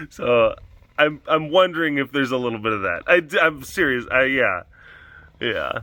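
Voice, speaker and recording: A man hosting a casual vlog at a wild animal facility, talking in an animated way, laughing often and restarting his sentences. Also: mid-range voice, normal speed.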